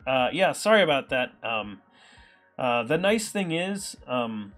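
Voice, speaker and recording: A man's voice: medium pitch, big pitch swings, slow pace, a bit bright, soft background music. A man with an American Midwest accent hosts a live coding stream, thinking aloud with lots of ums and reading chat messages aloud. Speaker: livestream programmer host.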